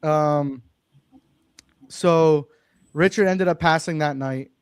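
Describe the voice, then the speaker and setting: A man's voice: fairly high pitch, slow pace, clear, resonant tone, no room sound, studio quality. A young man, a real estate investor, earnestly telling a personal story as a podcast guest. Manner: earnest, emphatic, swears it's true. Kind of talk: casual interview storytelling.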